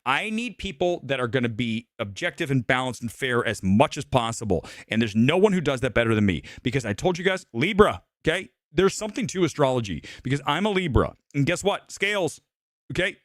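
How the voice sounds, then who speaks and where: A man's voice: medium pitch, big pitch swings, fairly quick, no room sound, clean studio sound. A middle-aged man from Ohio hosting a movie talk livestream, ranting casually and profanely. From Ohio, USA.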